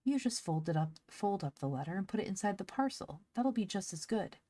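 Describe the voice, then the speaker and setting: A woman voicing a cheerful, kindly mother in an audiobook, gentle and reassuring. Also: medium pitch, expressive, brisk, pitched above the performer's own voice, natural voice. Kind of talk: audiobook character voice.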